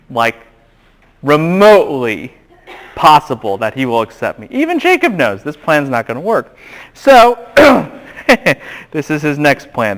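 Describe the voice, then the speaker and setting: Lively man lecturing a class. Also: fairly high pitch. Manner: animated, asks the class questions.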